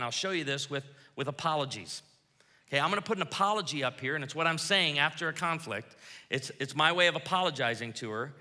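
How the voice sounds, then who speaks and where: A man preaching a sermon as pastor, lively, acting out quoted lines as he goes. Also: on the high side. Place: church auditorium. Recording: reverberant church hall.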